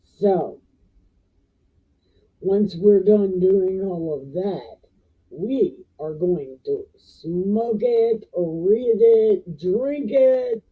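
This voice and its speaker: A woman's voice: medium pitch, big pitch swings, very slow, husky. A woman hosting a show, retelling Bible stories in a jokey, profane, slangy way. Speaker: host reading the Bible. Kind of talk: irreverent comic Bible retelling. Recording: tinny phone-like sound.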